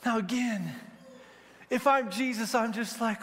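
A man delivers a sermon in a high, bright register, and his words trail off into a long hall reverb. He is from Wyoming, jokes with the congregation and jumps into animated impressions of the people he quotes. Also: measured pace. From Wyoming, United States. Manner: animated, joking, acts out quoted voices. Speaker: pastor.

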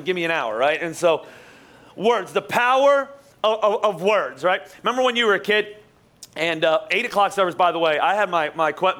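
A man preaching a live sermon as pastor in a church, jokey and energetic, teasing his congregation. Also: high-pitched. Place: church auditorium.

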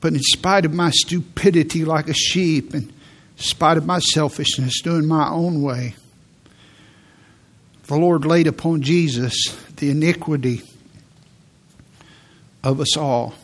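Man, pastor, church sermon, slightly raised pitch, drawn-out emphatic phrasing. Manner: slow, emphatic preaching with repeated key words. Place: church sanctuary.

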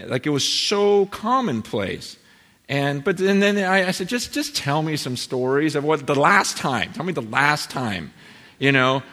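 A male preacher with a fairly high voice tells a story with energy, slipping into other people's voices as he quotes them. He talks in loose bursts full of fillers. The sound carries the long reverb of a big hall. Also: normal speed. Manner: animated storytelling, acts out quotes, many fillers. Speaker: pastor. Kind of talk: sermon.

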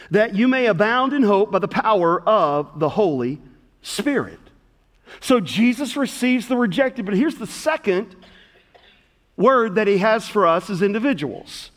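A middle-aged man preaching as pastor to a congregation in a church, swinging between loud calls and hushed words. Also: sits high. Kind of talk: sermon. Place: church sanctuary. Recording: long hall reverb.

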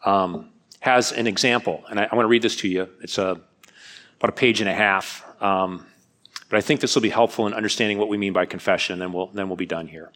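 A man's voice: fairly low pitch, steady tone, fast talker, fairly bright tone. A man preaching a sermon, earnest, reading a book passage aloud and stressing his key points.

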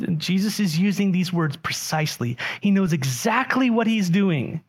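A man preaching a sermon, animated and often putting questions to the congregation. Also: high-pitched, normal speed, few pauses. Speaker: pastor.

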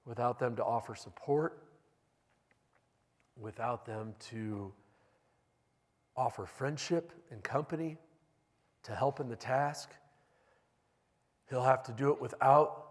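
Male pastor, sermon, measured and deliberate, slow pace, long hall reverb. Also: mid-range voice. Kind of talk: sermon with scripture reading.

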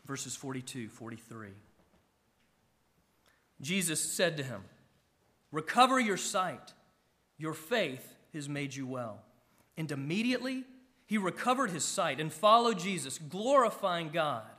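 Bright, high-voiced preaching man. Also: measured pace, pauses often. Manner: animated preaching with emphatic rises and soft drops. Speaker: pastor. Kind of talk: sermon.

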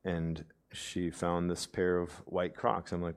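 A young adult male pastor preaching a sermon, swinging from emphatic outbursts to hushed, near-whispered passages, with conversational asides. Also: low-pitched, completely flat delivery, slow pace, hardly any pauses, clean tone. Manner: conversational, with frequent "right?" asides.

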